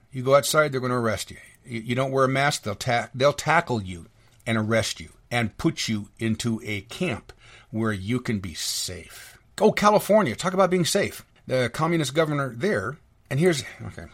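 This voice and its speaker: A man hosting a solo podcast, ranting in an indignant, sarcastic, rambling way, from the United States, stumbling over restarts and jumping up in pitch when he gets worked up. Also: a bit bright. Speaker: podcast host.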